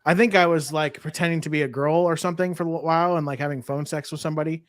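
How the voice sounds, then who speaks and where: Man, slightly higher voice, candid and swearing, dry close mic. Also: fairly even intonation, racing, no room sound. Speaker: podcast co-host. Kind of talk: casual chat.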